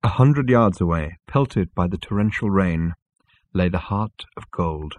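A man narrating an audiobook in a calm, measured storytelling manner. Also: sits low, no room sound. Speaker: audiobook reader. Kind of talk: scripted narration.

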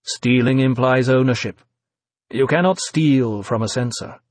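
Brief: courteous masked stranger, read by a man, soft, gently amused, husky low-key tone. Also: a little slow, no room sound, close to an everyday voice. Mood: gentle.

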